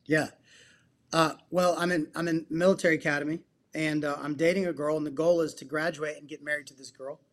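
A man's voice: fairly high pitch, fairly even intonation, fairly quick. Earnest man telling a personal story. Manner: earnest, emphatic storytelling with casual slang. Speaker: podcast guest, psychotherapist and men's coach. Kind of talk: personal testimony in casual interview.

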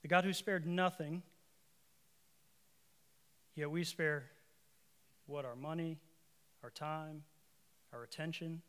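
A man with a somewhat high voice delivers a sermon to a congregation. He talks in a conversational way, breaks off for asides and corrections, and builds to emphatic, repeated lines. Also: steady tone, slow, pauses often, fairly bright tone, clean tone. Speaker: preacher.

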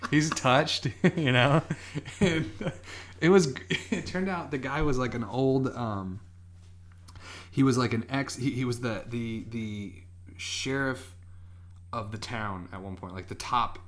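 A man's voice: medium pitch, slow pace, fairly bright tone. A man on a podcast casually telling a long, rambling story, often acting out what people said. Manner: rambling anecdotes, acts out quoted voices. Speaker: podcast co-host.

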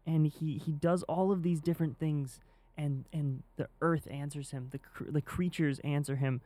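A man on a faith podcast, speaking reflectively and haltingly, often repeating words as he thinks. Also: a little high, steady tone, warm tone. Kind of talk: casual faith podcast chat.

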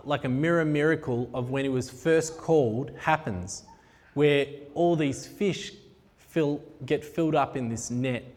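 A man's voice: on the high side, darkish tone. A man preaching a sermon in a conversational, jokey way that turns heartfelt and intense. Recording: long reverb of a large hall.

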